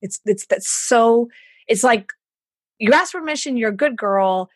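Animated Southern woman telling stories. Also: a little high, measured pace, no room sound. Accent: Southern American. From Houston, Texas. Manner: animated storyteller, acts out quoted voices. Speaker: guest, business coach. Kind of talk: casual podcast conversation.

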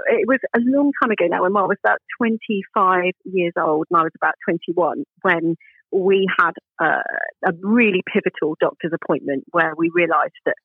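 A woman's voice: fairly low pitch, breathy edge, dry recording. A woman guest in a casual interview, telling stories in a chatty, self-deprecating way with many restarts. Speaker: guest speaker. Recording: phone-like narrow line.

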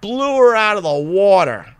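A man's voice: high-pitched, big pitch swings, a little slow, smooth. A man in a rambling, chatty commentary full of fillers. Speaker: vlogger. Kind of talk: casual commentary.

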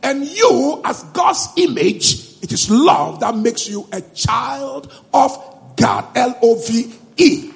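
A man preaching a sermon to a congregation in a church, repeating phrases and building up to shouts. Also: very high-pitched, lively intonation, slow pace, gravelly, faint music behind. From Ghana. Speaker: pastor.

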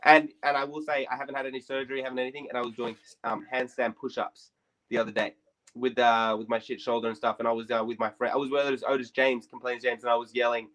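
A young man hosting a podcast, telling a story in a rambling, sweary, animated way. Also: mid-range voice, quick pace, rough recording. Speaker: podcast host. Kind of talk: casual storytelling.

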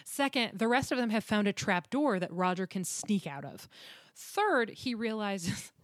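A woman co-hosting a podcast, retelling a book plot in casual chat, animated and laughing, with some swearing. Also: mid-range voice, a little slow, slight background noise.

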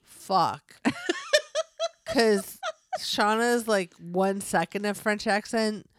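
Slow-talking, laughing young woman podcaster. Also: mid-range voice, huge pitch swings, a little hiss or hum. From California. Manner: laughs often, self-mocking, jokey. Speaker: podcast co-host. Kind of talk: casual chat.

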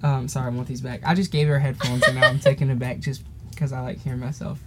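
A man's voice: mid-range voice, little pitch movement, fast talker, fairly bright tone, a little hiss or hum. A teenage boy casually telling a rambling story on a podcast, laughing often and drifting off topic. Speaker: podcast host.

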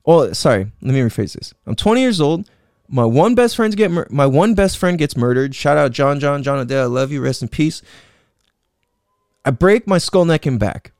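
A man's voice: a little high, animated, normal speed, darkish tone, dry recording, studio quality. A young man in his twenties telling his life story in a loose, rambling monologue, swearing often and leaning on "like" and "you know what I'm saying".

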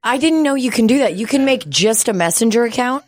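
A woman's voice: a little high, lively intonation, brisk, darkish tone, dry recording, clean studio sound. A woman co-hosting a casual podcast, joking crudely and laughing a lot. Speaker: podcast co-host.

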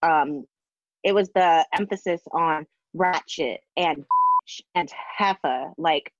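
A woman's voice: sits low, wildly swooping pitch, takes it slowly, fairly bright tone, slight background noise. A woman co-host in casual commentary chat, talking emphatically with many fillers. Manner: chatty, frequent fillers, emphatic. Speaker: podcast co-host. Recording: dull, dry lo-fi audio.

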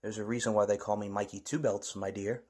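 A man cutting a theatrical wrestling promo, boastful and rhyming, swinging between loud hype and low growls. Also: little pitch movement, fast. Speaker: amateur wrestling promo performer.

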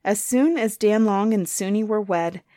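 Woman, folktale storyteller, lilting, soft trailing endings, middle pitch, dry close sound. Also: moderate pace, dry recording.

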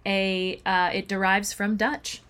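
A woman's voice: mid-range voice, level tone, slow pace, fairly bright tone, clean tone. A young Canadian woman co-hosting a travel podcast from a studio, chatty and playful, often laughing while she tells stories. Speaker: podcast co-host. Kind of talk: casual travel podcast chat.

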